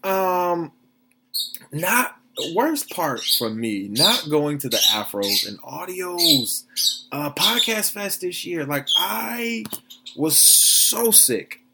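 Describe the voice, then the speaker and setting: A young man hosting a solo podcast, animated, blunt and profane, often asking if you follow him. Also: fairly high pitch, extremely slow, gravelly, very noisy. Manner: animated, blunt and profane, keeps asking "you understand what I'm saying?". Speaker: podcast host. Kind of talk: casual solo podcast commentary.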